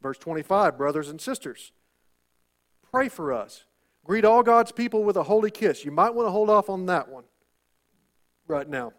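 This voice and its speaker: A man's voice: sits high, expressive, normal speed, long pauses. A male pastor preaching a sermon, asking rhetorical questions and repeating phrases for emphasis. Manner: rhetorical questions, call-and-response "Amen?".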